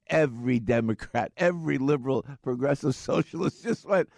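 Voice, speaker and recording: A man's voice: mid-range voice, brisk, creaky, hardly any pauses, no echo. A middle-aged man hosting a radio talk show, chatting casually and telling rambling stories into a studio microphone. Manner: animated, rambling storyteller.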